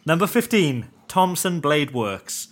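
A man's voice: on the high side, very animated, slow pace. A man co-hosting a podcast, reading listener comments and making wry asides. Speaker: podcast co-host. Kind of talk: casual chat.

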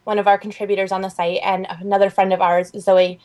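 A young woman co-hosting a podcast. She tells a story in an animated, chatty way and fills it with "like.". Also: mid-range voice, a little fast. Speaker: podcast co-host. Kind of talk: casual chat.

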